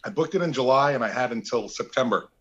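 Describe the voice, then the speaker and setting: A man being interviewed tells relaxed anecdotes and acts out the lines of the people in them. His voice sits at an ordinary pitch. The recording is dull and lo-fi. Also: fast talker. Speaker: actor, interview guest. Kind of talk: casual interview storytelling.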